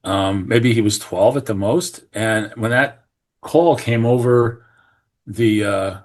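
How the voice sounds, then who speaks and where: A middle-aged man from New Jersey, a retired fire captain, telling a story as a podcast guest in an earnest, animated way, acting out what people said. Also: fairly low pitch, takes it slowly. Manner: earnest, animated, acts out quoted remarks, many restarts. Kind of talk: conversational storytelling.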